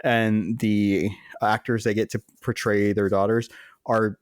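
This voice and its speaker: A man's voice: fairly low pitch, level tone, a little slow, smooth, no echo, clean studio sound. A man co-hosting a podcast, chatting casually in an upbeat way and laughing easily. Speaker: podcast co-host. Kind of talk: casual chat.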